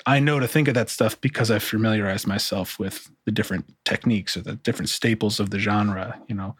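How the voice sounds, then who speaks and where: Male producer, lowish voice, casual and rambling, dry close sound. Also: a little fast, slightly rough, no echo. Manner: relaxed, rambling, many restarts and fillers. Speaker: music producer. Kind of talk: casual interview talk.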